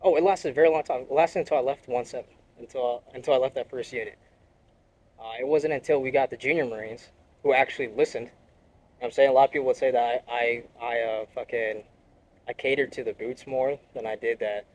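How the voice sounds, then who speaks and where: A man's voice: mid-range voice, fairly even intonation, quick pace, a little mellow, poor audio. A young man, a Marine reservist, talking bluntly and profanely in a casual interview.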